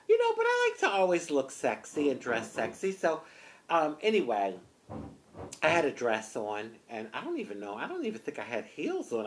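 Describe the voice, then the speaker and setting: A woman from the United States telling a personal story in an animated, expressive way, often saying "honey". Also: rumbling low. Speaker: vlogger.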